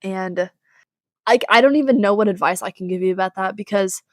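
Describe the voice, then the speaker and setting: A woman's voice: mid-range voice, fast, no room sound, studio quality. A teenage girl hosting a podcast, giving casual advice in a chatty, rambling way with sighs and exasperated asides. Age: teens. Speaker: podcast host.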